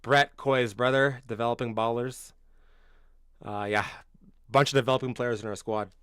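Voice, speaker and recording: He's a Canadian streamer in his twenties and a football fan, casually chatting with his audience in blunt slang, swearing freely and calling everyone bro. He speaks in a mid-range, steady tone at a moderate pace, though he gets loud and incredulous in bursts. The tone is clean, with no room sound and studio quality.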